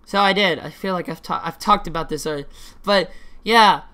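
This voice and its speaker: A teenage boy talking through his own podcast in a loose, rambling way, stopping and restarting his sentences and swearing offhandedly. His voice has a bright, sharp edge. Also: sits high, a little fast. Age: teens. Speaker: podcast host. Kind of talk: casual solo podcast chat.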